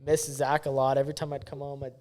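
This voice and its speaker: A young man from Southern California, hosting a podcast and telling a story in casual chat, animated and swearing freely. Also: medium pitch, quick pace. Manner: animated, swearing, acts out quotes. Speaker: podcast host.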